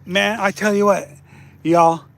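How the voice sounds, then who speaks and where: A high-pitched man in his forties chats easily while he fishes outdoors, hosting a live stream for his viewers. He laughs a lot and cheers loudly when something bites. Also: a little slow, creaky. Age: 40s. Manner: laughs often, gets loud and excited when a fish bites. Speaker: fishing channel host. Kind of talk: casual live-stream chat while fishing. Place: outdoors by the water.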